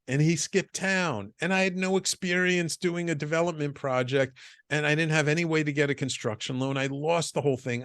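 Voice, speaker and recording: Man, middle-aged, podcast guest, animated storyteller, dry close sound. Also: mid-range voice, clear, resonant tone, no room sound. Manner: animated storyteller, acts out quoted dialogue, frequent restarts. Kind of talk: storytelling interview.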